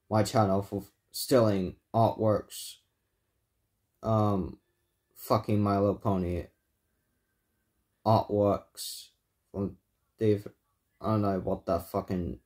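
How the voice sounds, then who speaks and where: A man ranting angrily in a vlog, swearing often and repeating himself in halting bursts. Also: fairly low pitch, a little mellow. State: angry. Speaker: YouTuber. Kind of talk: angry vlog rant.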